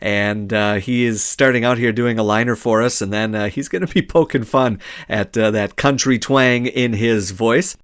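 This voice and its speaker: Man, radio host, mid-pitched voice, laid-back, lots of filler words. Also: normal speed, hardly any pauses, clean tone. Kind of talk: radio interview.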